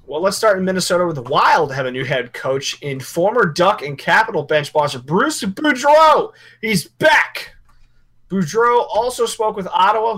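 A man's voice: high-pitched, fairly bright tone. A man co-hosting a hockey podcast in casual, rambling chat, joking and correcting himself as he goes.

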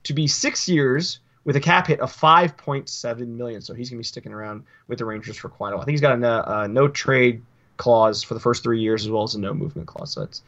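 A man's voice: mid-range voice, fast talker, fairly bright tone, muffled recording. A man co-hosting a casual hockey podcast, reading results and news with dry, grumbling humor.

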